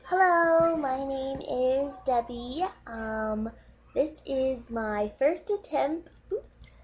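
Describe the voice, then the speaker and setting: A woman recording a dating video introduction, nervous and halting, with many ums, her voice teary and gushing. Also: sits high, husky. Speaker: online dating video maker.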